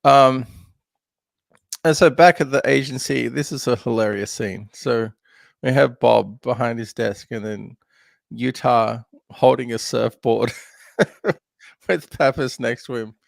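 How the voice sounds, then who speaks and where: A man's voice: medium pitch, slow pace, vocal fry, long pauses, no echo, clean studio sound. A man hosting a podcast, chatting casually about a film with lots of laughs and fillers. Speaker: podcast host.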